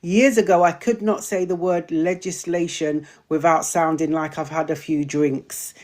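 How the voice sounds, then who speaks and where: A woman hosts a live online community session and talks straight to her viewers. Her voice sits slightly low, and her chatty delivery now and then stumbles over longer words. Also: fairly even intonation, a little slow, darkish tone. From Britain. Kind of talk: live-stream chat and viewer Q&A.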